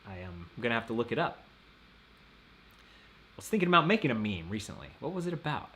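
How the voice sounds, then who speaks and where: A man's voice: mid-range voice, very animated, quick pace, bright, forceful tone. A man hosting a casual live stream, rambling and laughing often as he reads out viewer messages.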